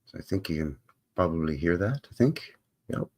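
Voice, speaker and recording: A man's voice: deep voice, animated, normal speed, a little mellow. Canadian male livestream host, loose and jokey, with a voice that swings up and down. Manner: rambling and jokey, tags lines with "eh, buddy". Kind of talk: casual livestream chat.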